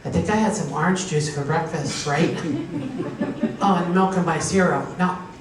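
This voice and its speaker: A woman's voice: fairly low pitch, a little slow. Stand-up woman in an echoey hall. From Pennsylvania. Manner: storytelling, acting out quoted voices, laughing at her own punchlines. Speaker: stand-up comedian. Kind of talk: stand-up comedy set. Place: live comedy show with an audience. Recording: echoey hall recorded from far off with faint noise.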